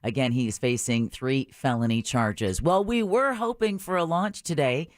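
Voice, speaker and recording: A man's voice: mid-range voice, normal speed, dry recording, studio quality. A man hosting a radio talk show, reading news items and bantering with his co-host. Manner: animated, newsreading with banter. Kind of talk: casual news chat.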